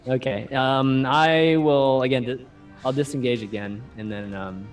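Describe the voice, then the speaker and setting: A man's voice: medium pitch, steady tone, normal speed, recorded from a distance, soft background music. A man playing a tabletop game over voice chat, exclaiming and laughing. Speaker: player.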